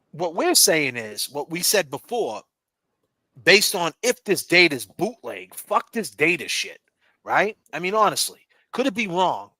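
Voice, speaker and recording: A man's voice: a little high, sharp tone, no echo. A man hosting a livestream, talking in a heated, profane, riffing way and taunting mockingly. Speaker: livestream host. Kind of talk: casual heated chat.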